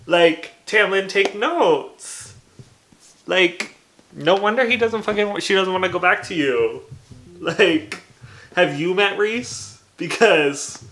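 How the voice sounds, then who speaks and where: Excitable, swearing man reacting to a book. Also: high voice, takes it slowly, reverberant. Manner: excitable and profane, bursts into yells and laughs. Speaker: book vlogger. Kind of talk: reading vlog reactions.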